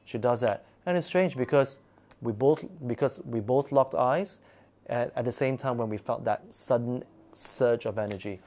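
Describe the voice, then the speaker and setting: A man's voice: medium pitch, moderate pace, warm tone. A man telling a personal story in a casual, rambling way, full of fillers and restarts. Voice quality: rambling, filler-heavy delivery with frequent restarts.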